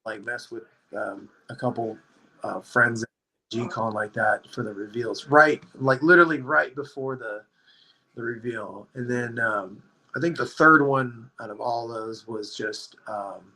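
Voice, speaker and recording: A man telling a story on a podcast, in a rambling, animated way, leaning hard on "like.". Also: mid-range voice, measured pace, husky, poor audio. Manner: rambling, animated, heavy use of "like". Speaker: podcast guest. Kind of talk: casual storytelling chat.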